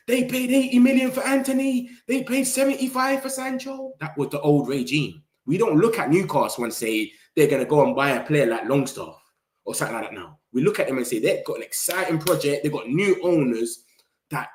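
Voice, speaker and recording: On the high side and sounding roomy, a young man hosts a casual live chat on football transfers for his channel. His delivery is animated banter thick with slang, with plenty of laughter.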